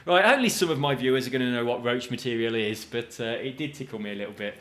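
A man's voice: medium pitch, fast, fairly bright tone. A man giving chatty, jokey let's-play commentary, with casual swearing and asides to his viewers. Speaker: gaming video host.

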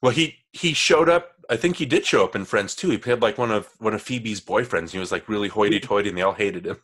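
A man's voice: lowish voice, brisk, fairly bright tone, slightly rough. A man co-hosting a podcast in casual chat, easygoing, often repeating words as he thinks aloud. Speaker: podcast co-host.

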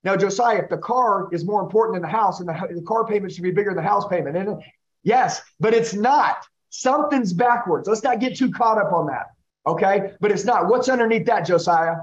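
A man with a high, pushing voice leads a sales training session. He coaches hard and keeps asking his trainee questions, and the audio is a little dull. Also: a little fast. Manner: intense, coaching, repeats the listener's name. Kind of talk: live sales training role-play.

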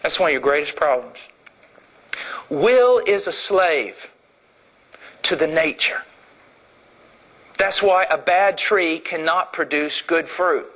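A man's voice: a little high, expressive, slow, pauses often, a bit bright, low-quality recording. A man preaching a sermon in an impassioned, emphatic way.

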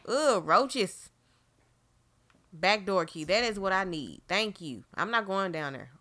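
A woman's voice: lowish voice, bright, forceful tone. A woman hosting a gaming channel, commenting on a horror game as she plays, jumpy and exclaiming, talking straight to her viewers into a desk mic. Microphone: desk microphone.

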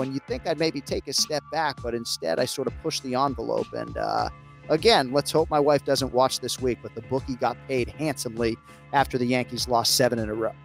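An American man hosting a casual sports betting chat, chatty and self-mocking with quick asides. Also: medium pitch, gravelly. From United States. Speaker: host.

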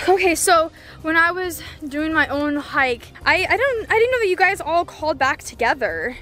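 A woman's voice: very high-pitched, expressive, moderate pace, sharp tone. A woman hosting an acted family adventure vlog outdoors on a hiking trail, chatty and breathless, building suspense for the camera. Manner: chatty and breathless, lots of "like" and restarts, playing up suspense.

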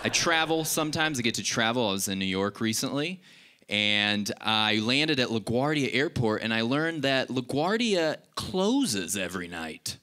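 A man doing a stand-up comedy set, telling stories with animated delivery and high shouted voices for the people he quotes. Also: normal speed.

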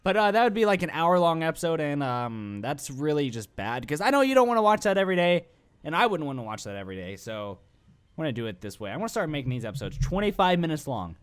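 A man's voice: fairly high pitch, very animated, fast, clean tone. A young adult man giving let's play commentary, rambling and self-mocking and talking back to the game. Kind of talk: gaming commentary.

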